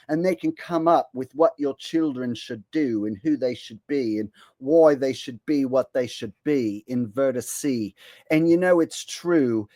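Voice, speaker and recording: A man's voice: on the high side, mellow, dry recording. A man ranting to camera as a comedy commentator, blunt, sarcastic and full of swearing. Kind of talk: profane rant to camera.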